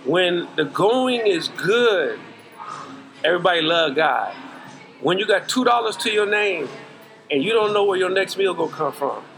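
A man's voice: on the high side, creaky, rough recording. A middle-aged man, a podcast guest, giving earnest, preachy life advice in casual talk full of slang. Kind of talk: casual interview chat.

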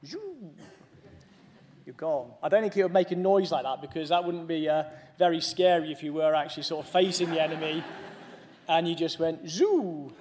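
A man's voice: on the high side, fairly even intonation, brisk, a little mellow, a little hiss or hum. A man giving a conference keynote speech, mixing serious points with humorous asides to the audience. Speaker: conference speaker.

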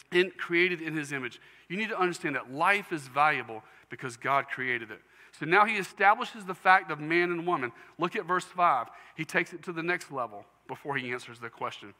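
A man preaching a sermon as pastor to his congregation, emphatic, repeating key phrases slowly. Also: on the high side, animated, bright, forceful tone, big-room sound. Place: church sanctuary.

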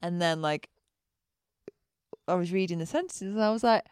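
A woman guest on a podcast, chatting candidly and giggling, with lots of drawn-out filler words. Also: lowish voice, darkish tone, smooth, dry recording, clean studio sound. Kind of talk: casual chat.

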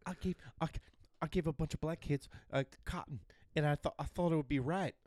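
A man's voice: a little high, brisk, darkish tone, slight background noise, close to an everyday voice. A man doing a stammering clueless politician. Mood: sheepish. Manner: rambling, stammering confession. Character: bumbling, clueless male politician.

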